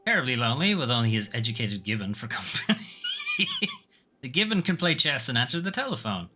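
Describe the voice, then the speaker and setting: A man's voice: mid-range voice, big pitch swings, a little fast, pushed and bright, faint music behind. A man doing a posh Edinburgh selkie statue. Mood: whimsical. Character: posh old rock-statue selkie, wry and whimsical. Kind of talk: reading game dialogue aloud.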